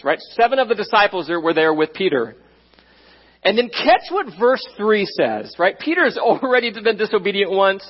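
A man preaching a sermon as pastor, animated and conversational, often checking in with his listeners. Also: high-pitched, breathy edge, muffled recording.

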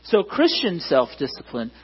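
A man's voice: on the high side, wildly swooping pitch, moderate pace, husky, muffled recording. A man preaching a sermon as pastor, conversational and self-deprecating, often asking the congregation questions.

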